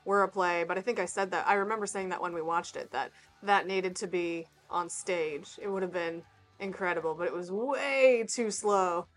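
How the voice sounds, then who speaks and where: A woman's voice: on the low side, normal speed. A chatty woman co-host talking casually with a friend. She hesitates with fillers and laughs often, and faint music plays beneath her voice. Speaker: podcast co-host. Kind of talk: casual chat.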